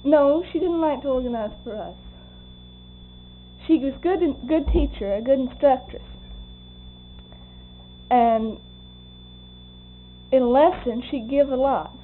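A woman's voice: sits high, takes it slowly, long pauses. An older woman recalling people in an oral history interview, laughing often and acting out what they said. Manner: laughing, animated storyteller acting out quoted voices. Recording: tinny lo-fi tape with faint hum.

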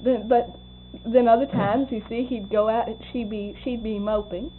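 Older woman, oral history interviewee; chuckling, animated storyteller; lo-fi tape hiss. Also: fairly high pitch, moderate pace. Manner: laughing, animated storyteller acting out quoted voices. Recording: tinny lo-fi tape with faint hum.

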